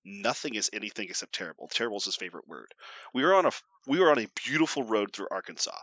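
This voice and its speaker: Profane, animated man telling a story. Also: lowish voice, very fast, no room sound. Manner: profane, animated, mimics his dad in quotes. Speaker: podcast co-host. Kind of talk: casual storytelling chat.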